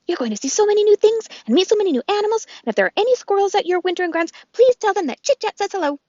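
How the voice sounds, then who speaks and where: A woman voicing an excitable squirrel who chatters very high and fast. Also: no room sound, dull audio. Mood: excited.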